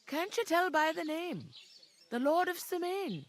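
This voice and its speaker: A woman's voice: very high voice, animated, measured pace. A woman voicing a chatty, earthy village tavern keeper in a game, talking in a folksy, gossipy way. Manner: gossipy, homely, folksy talk.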